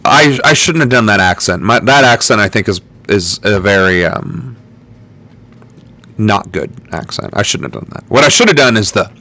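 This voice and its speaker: A man's voice: lowish voice, animated, normal speed, bright, forceful tone. A man hosting a political livestream in a sarcastic, joking, self-mocking way. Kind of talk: casual livestream commentary.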